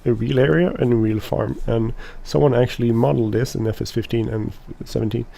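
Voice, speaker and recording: A man's voice: medium pitch, fairly even intonation, a little fast, creaky, warm tone. A man whose first language is Swedish, giving rambling casual commentary while playing a farming game, with lots of restarts and fillers. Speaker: let's play host.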